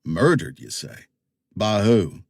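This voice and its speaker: A man's voice: fairly low pitch, big pitch swings, slow, no room sound, clean studio sound, full character voice. A man putting on a drawling backwoods gunman. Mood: menacing. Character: menacing backwoods male boatman with a shotgun.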